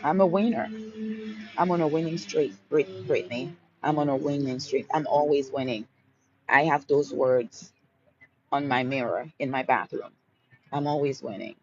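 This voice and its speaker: A woman's voice: a bass voice, normal speed, a little mellow, lo-fi sound, slight background noise. A woman with a Haitian accent hosting a live Q&A, speaking emphatically in affirming, repeated mantras and calling listeners honey and baby. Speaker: host of a live Q&A. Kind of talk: motivational livestream talk.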